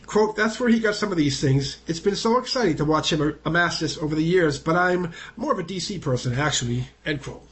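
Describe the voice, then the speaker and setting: A man with a high-pitched voice reads a local news feature aloud. He keeps an animated delivery and brightens noticeably whenever he voices quotations or calls out tallies. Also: a little fast, few pauses. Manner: lively, lifts the voice for quoted speech and counted numbers. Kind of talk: reading a newspaper feature aloud.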